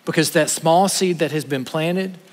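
A man, a pastor preaching an earnest sermon to his congregation, trading quick asides for slow, stressed points. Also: on the high side, in a large hall. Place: church sanctuary.

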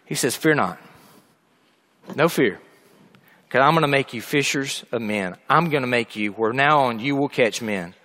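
A man preaching a sermon, telling a funny dog story with lively asides before turning earnest. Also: medium pitch, normal speed, long pauses. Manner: animated storytelling, humorous asides.

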